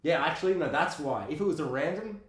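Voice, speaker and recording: A man's voice: fairly high pitch, quick pace. A man co-hosting a casual podcast about films, talking animatedly, swearing often and acting out lines from scenes. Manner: animated, swears a lot, acts out quotes. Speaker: podcast co-host. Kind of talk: casual film discussion. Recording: roomy echo.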